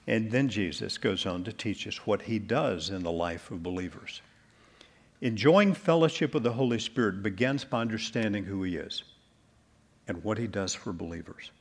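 Husky-voiced man preaching a measured sermon. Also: lowish voice, lively intonation. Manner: measured preaching with slowed emphasis on key words. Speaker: pastor.

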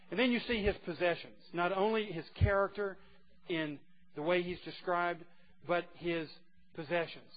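A man preaching a sermon, emphatic and teasing, swinging from quiet asides to loud declarations. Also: a little high. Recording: dull lo-fi recording with faint noise.

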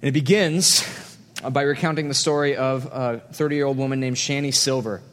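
A man's voice: medium pitch, fairly even intonation, moderate pace, a bit bright. A man, a pastor, preaching a conversational sermon in a church and telling stories with quoted asides. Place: church hall. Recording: long hall reverb.

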